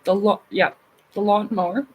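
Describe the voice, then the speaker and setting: A woman's voice: medium pitch, fairly even intonation, moderate pace, husky. A woman, chatting casually to her livestream viewers in a blunt, profane way. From Canada. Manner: blunt and profane, with frequent laughs. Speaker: streamer.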